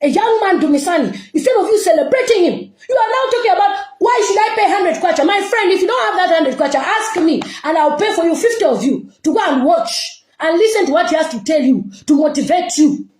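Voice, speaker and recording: A woman's voice: very high voice, animated, fast, few pauses, darkish tone, echoey room, low-quality recording. A woman from Zambia, giving an impassioned, scolding reaction rant full of rhetorical questions. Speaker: online commentator.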